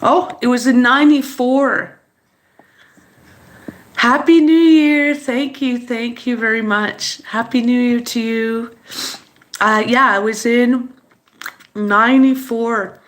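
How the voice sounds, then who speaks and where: A teary woman, chatting slowly and haltingly on her livestream, with many fillers and apologies. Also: on the high side, steady tone. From Montreal, Canada. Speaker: channel host on a livestream. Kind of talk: casual livestream chat, reading viewer comments.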